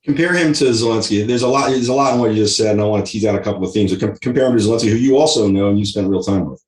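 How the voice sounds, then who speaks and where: Rapid low-voiced male interviewer. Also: darkish tone, echoey room, poor audio. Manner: rapid, pressing questions. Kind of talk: interview questions.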